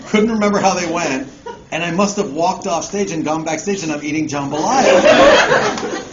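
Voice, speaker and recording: A lively man spins a rambling anecdote for a crowd, his voice swooping high and low and breaking into laughter. He sits a little high for a man. It was caught on a phone from the audience, so it sounds echoey, dull and lo-fi, with steady room noise behind. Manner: animated storyteller who laughs often and swears casually. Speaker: musician guest speaking at a convention panel. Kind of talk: casual anecdote told to a live audience. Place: convention panel room. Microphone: phone recording from the audience.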